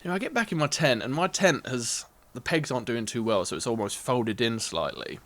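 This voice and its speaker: A man telling a festival story on a podcast, animated and laughing, acting out what people said. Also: medium pitch, a little fast. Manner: animated, laughing retelling with acted-out quotes. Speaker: podcast guest. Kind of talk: casual storytelling.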